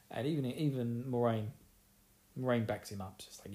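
A man's voice: medium pitch, normal speed, dark tone. Jokey man with an Essex accent. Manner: jokey, laughing, acts out character lines. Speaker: book recapper. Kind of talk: casual chat.

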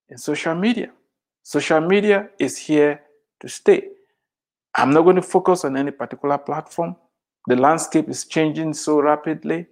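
A motivational speaker giving an emphatic address, repeating phrases for effect and firing rhetorical questions, shifting between loud and soft delivery. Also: medium pitch.

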